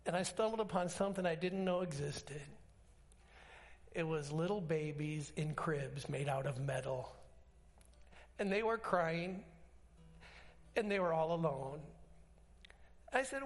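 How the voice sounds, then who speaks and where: A man pastor preaching a sermon, telling stories with acted-out dialogue and emphatic swings in pitch. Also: a little slow, pauses often. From Alaska.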